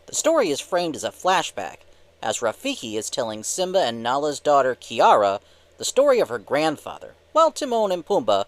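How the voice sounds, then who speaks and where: A man hosting a movie review channel, narrating the review in an upbeat, lively, scripted way. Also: mid-range voice, no room sound.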